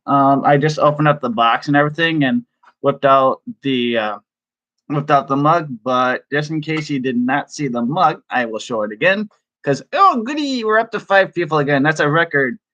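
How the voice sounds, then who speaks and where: A man talks casually to his viewers on a live stream from his room, with an unhurried, drawn-out pace. He is chatty and excitable and laughs often. The audio sounds dull and lo-fi. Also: mid-range voice. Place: home room.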